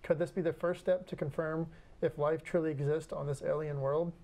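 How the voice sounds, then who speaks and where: Give me an eager young man with a warm, dark voice presenting science news. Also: a little high, steady tone. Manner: eager, slightly halting when unscripted. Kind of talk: casual news chat.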